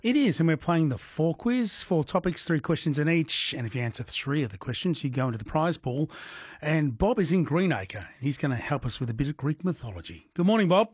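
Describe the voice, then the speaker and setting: A man's voice: on the high side, big pitch swings, brisk, slightly rough, dry recording, clean studio sound. A man hosting an overnight radio quiz in a chatty way, laughing often with callers. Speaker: radio host.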